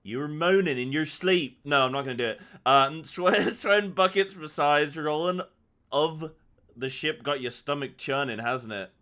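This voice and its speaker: A man's voice: fairly high pitch, normal speed, sharp tone. A man voicing a chatty male merchant on a ship, reading game dialogue aloud in his own voice. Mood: friendly.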